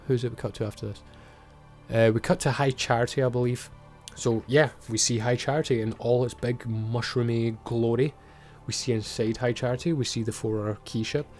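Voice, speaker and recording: A man's voice: mid-range voice, darkish tone. Blunt, sweary Scottish man. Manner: blunt, swears freely, chatty. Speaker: TV show reviewer. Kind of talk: casual episode recap.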